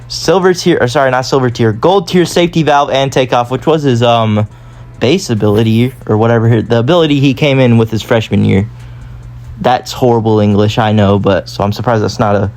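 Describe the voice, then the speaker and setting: A man's voice: medium pitch, a little mellow. A man giving casual gameplay commentary, rambling and often correcting himself. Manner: rambling, self-correcting, chatty. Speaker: gaming YouTuber.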